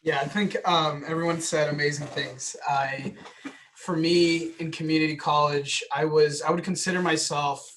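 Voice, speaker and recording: A young man on a student panel speaks steadily and sincerely. His voice is fairly high for a man and stays flat, with little rise and fall. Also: a little hiss or hum. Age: young adult. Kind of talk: panel advice.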